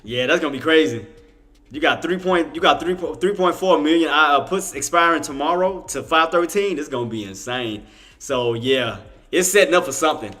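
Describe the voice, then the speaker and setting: Excitable Cajun man livestreaming. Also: fairly high pitch, normal speed. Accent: Cajun Louisiana. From Louisiana. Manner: excitable, chatty, lots of Southern slang and restarts. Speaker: livestream trading commentator. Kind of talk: casual livestream commentary.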